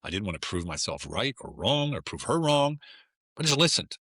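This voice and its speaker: A middle-aged man who is a podcast guest, telling stories in a relaxed talk and acting out the dialogue. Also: medium pitch, moderate pace, slightly rough, no echo, studio quality. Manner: animated storyteller who acts out dialogue. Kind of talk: casual interview conversation.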